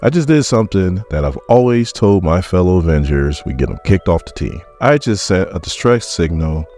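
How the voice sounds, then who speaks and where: A man reading the lines of an earnest heroic super soldier giving a public speech, in a steady speechmaking way. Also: sits low, moderate pace, soft background music.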